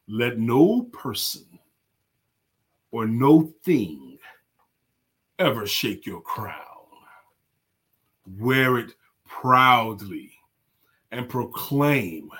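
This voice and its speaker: A man imitating a friend's deep, booming voice, reading a quote slowly and grandly. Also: a bit bright, breathy edge, heavily acted. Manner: slow, drawn-out, deep delivery.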